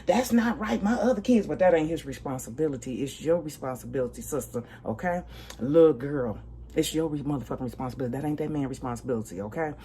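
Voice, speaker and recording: A woman in her forties giving a blunt, profane livestream commentary rant, emphatic, with loud bursts and low asides. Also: lively intonation, quick pace, a little hiss or hum. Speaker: livestream host.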